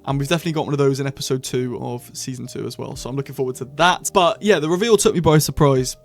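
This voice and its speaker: A young man reviewing a TV series to camera in a chatty, rambling way with bursts of excitement. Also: mid-range voice, quick pace, faint music behind. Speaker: TV show reviewer. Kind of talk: casual scripted review to camera.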